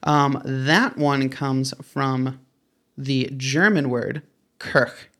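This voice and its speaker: A man's voice: mid-range voice, steady tone, very slow, fairly bright tone. A man co-hosting a casual podcast, joking around playfully while explaining. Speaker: podcast co-host.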